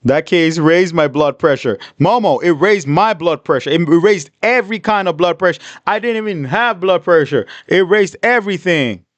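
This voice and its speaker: A man hosting a livestream, reading comments and telling a story in an animated, repetitive, indignant way. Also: fairly high pitch, moderate pace, hardly any pauses, dry recording. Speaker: livestream host.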